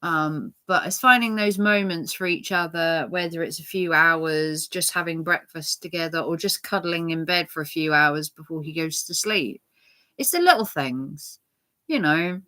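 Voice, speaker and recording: A woman's voice: deep voice, moderate pace, sharp tone. A middle-aged woman chatting casually to her viewers, rambling with lots of fillers and restarts. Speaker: channel host.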